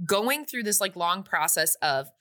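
A woman in her late twenties casually recapping a movie on a podcast, chatty and quick to act out the characters' lines. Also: medium pitch, animated, pushed and bright. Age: 20s. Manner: chatty, acts out characters' lines, laughs often. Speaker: podcast co-host.

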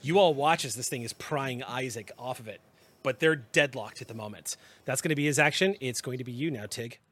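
A man's voice: mid-range voice, fairly quick, a bit bright. A man narrating as game master of a tabletop role-playing game, describing the action and calling for dice rolls.

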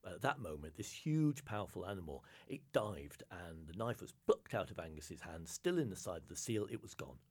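A male storyteller telling a folk tale in a measured, dramatic way, often dropping to a hushed whisper. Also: sits low, sing-song, breathy edge. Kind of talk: live storytelling performance.

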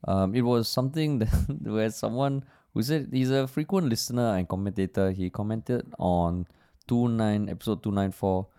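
A man's voice: on the low side, normal speed, clear, resonant tone. A man with a Singaporean English accent co-hosting a podcast in casual chat, telling stories with frequent laughter and swearing. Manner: laughing, swearing, animated storyteller. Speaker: podcast co-host.

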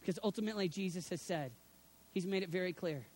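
A middle-aged man preaching a sermon, swinging from hushed, low passages to loud, shouted appeals. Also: fast.

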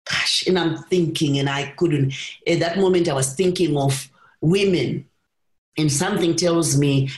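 A woman's voice: low voice, a little slow. Earnest woman telling her story. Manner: earnest, repeats phrases for emphasis. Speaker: podcast guest. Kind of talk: personal storytelling. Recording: roomy echo.

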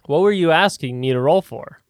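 A young man playing in a tabletop game, expressive and playful in his reactions. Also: on the high side, a little fast, clear, resonant tone, no room sound, clean studio sound. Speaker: player. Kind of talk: casual tabletop play.

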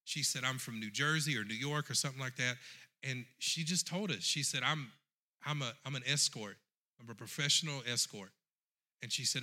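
A middle-aged man preaching a sermon, telling a story and addressing the congregation directly in an animated way. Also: mid-range voice, normal speed.

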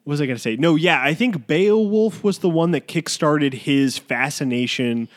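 A man's voice: a little high, moderate pace. A young man co-hosting a podcast, talking casually about movies, rambling with lots of fillers and restarts. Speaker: podcast co-host. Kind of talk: casual film-podcast chat.

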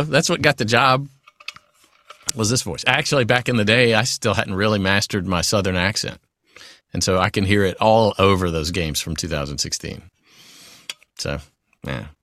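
A man, a voice actor guest in a casual interview, giving advice in a chatty, animated way with many asides. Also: on the low side, no room sound, studio quality.

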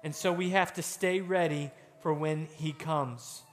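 A man giving a children's sermon, telling a story and acting out quotes with animated delivery. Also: fairly high pitch, measured pace, a little hiss or hum. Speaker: children's pastor. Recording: long hall reverb.

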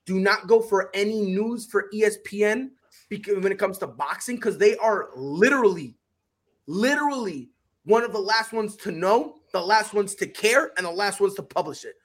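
A man with a high, breathy-husky voice co-hosts a casual sports chat. He talks in a boisterous, emphatic way and hypes up bold predictions. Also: moderate pace, fairly bright tone. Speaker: podcast co-host.

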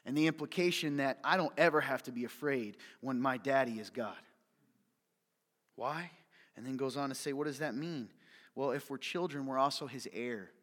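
A man preaching a sermon as pastor, passionate, dropping to hushed near-whispers and then rising to loud, urgent appeals. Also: medium pitch, moderate pace. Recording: reverberant hall.

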